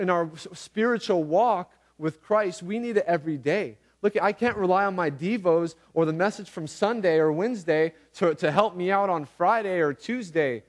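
Earnest, slightly high-voiced male preacher. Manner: earnest, repeats phrases for emphasis; casual slang in preaching. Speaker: pastor. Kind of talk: conversational sermon.

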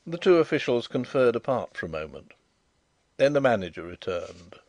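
A man narrating a classic detective story in a lively, expressive storytelling manner. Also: mid-range voice, moderate pace, no echo. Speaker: audiobook narrator. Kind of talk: scripted narration.

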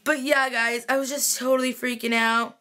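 Young female vlogger, rather high and sparkly voice, gushing fangirl recap, full of sighs and filler. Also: little pitch movement, moderate pace, sharp tone. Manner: gushing, sighing fangirl talk full of "like" and "freaking". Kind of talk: casual excited recap chat to viewers.

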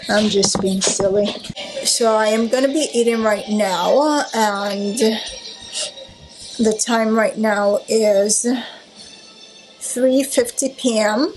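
A woman chatting casually to a phone camera while she eats, rambling with fillers. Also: on the high side. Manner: relaxed, rambling, with fillers, talking while eating. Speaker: health vlogger. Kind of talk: casual vlog chat.

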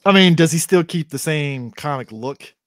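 A man co-hosting a casual movie podcast, relaxed, repeating himself and laughing often. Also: on the high side, normal speed, no room sound. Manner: laid-back, laughs often, repeats words. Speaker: podcast co-host.

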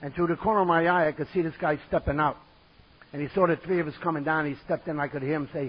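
A man tells his recovery story to an audience at a conference. His voice is husky and sits a little high, and he leans on repeated lines and deadpan punchlines. The recording sounds dull and lo-fi. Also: fast. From New York. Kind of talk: personal recovery talk to an audience.

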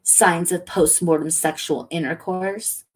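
A woman's voice: on the low side, steady tone, a little slow, slightly rough. A woman reading a smug, taunting man. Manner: taunting, matter-of-fact. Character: smug menacing grown man, calm and taunting.

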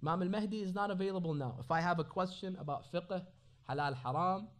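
A fast-talking man whose voice sits high lectures on Ramadan at an Islamic centre. He shifts from recited Arabic sayings to English explanation and back, leaning on rhetorical questions.

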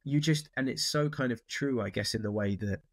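A man's voice: mid-range voice, a little fast, no echo. A man, a guest in an interview, talking thoughtfully about films with many restarts. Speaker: actor guest. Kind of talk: casual interview chat.

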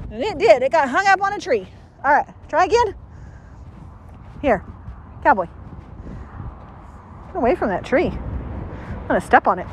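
High, lively woman dog trainer. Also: a little hiss or hum. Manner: upbeat, giving quick commands and praise to a dog. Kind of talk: commentary during a dog training session. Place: outdoors near trees.

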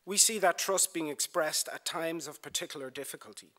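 Male speaker, formal lecture, bright, slightly high voice, measured rhetorical delivery. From Ireland. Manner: measured oratory with rhetorical lists and emphatic repetition. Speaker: broadcasting executive giving a lecture. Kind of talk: formal prepared speech. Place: university lecture theatre.

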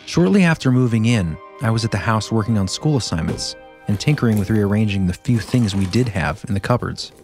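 Low-voiced man reading a story. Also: faint music behind. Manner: steady, measured storytelling delivery. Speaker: podcast host. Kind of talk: reading a listener's story aloud.

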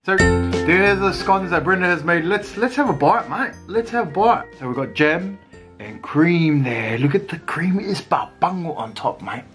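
A slow, easygoing man hosts a family eating video from home and chats straight to his camera mic. His voice sits a little high for a man, and he laughs between bites. Soft music plays faintly behind him. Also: animated. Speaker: family vlogger. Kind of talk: casual mukbang chat.

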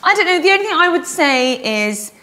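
A woman's voice: very high voice, big pitch swings, a little fast, sharp tone. A woman hosting a studio sofa chat, chatty and blunt, laughing often. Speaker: host.

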